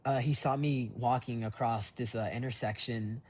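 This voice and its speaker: A young man talks into his phone's voice memo app with a husky, breathy edge to his voice. He rambles in a loose, reflective way, restarting his sentences and leaning on fillers. His pitch sits in a middle range for a man. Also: fairly even intonation, moderate pace, a little mellow. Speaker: voice diary keeper. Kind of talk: personal voice memo diary.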